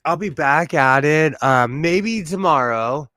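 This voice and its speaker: Laughing, animated man chatting on a livestream. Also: fairly high pitch, slow pace, no echo. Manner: chatty, laughs often, self-mocking. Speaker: sewing livestream host. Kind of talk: casual live stream chat.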